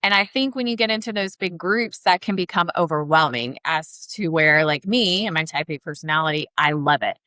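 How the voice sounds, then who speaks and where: A woman's voice: low-pitched, brisk, hardly any pauses, sharp tone, dry recording. A woman with a Southern accent, co-hosting a podcast in upbeat, chatty talk full of fillers. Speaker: podcast co-host, travel advisor. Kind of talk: casual podcast chat.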